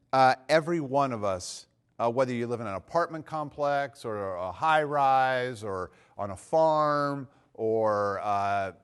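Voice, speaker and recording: A man's voice: medium pitch, smooth. A man giving a teaching talk at church, telling personal stories in a conversational way with many fillers and restarts. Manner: animated storyteller.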